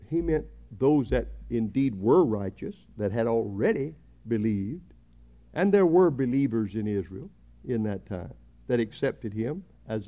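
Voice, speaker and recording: A man preaching a sermon at a church service, emphatic, swelling louder on key words. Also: medium pitch. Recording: dull lo-fi sermon recording.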